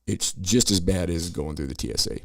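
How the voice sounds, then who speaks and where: A middle-aged man hosts a podcast, reacting to news clips with sarcastic, profane political rants. His voice is low and brisk with vocal fry, and there's noise in the background.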